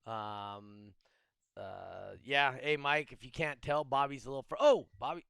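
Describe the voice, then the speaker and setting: A man hosting a casual live stream, reading out viewer names in a relaxed way with many fillers. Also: mid-range voice, measured pace, creaky, clear, resonant tone, no echo. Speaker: host.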